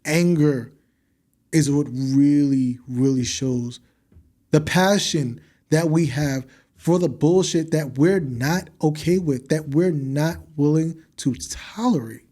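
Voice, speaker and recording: A man's voice: a little high, slow, mellow. A young man hosting a podcast, speaking in a blunt, heated and profane monologue with emphatic repetition. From United States. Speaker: podcast host.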